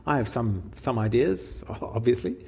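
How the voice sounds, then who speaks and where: Speaking unhurriedly in a large hall, a man with a gravelly, slightly rough mid-range voice teaches from the Gospel. His sermon is informal and animated, and he asks the listeners questions as he goes.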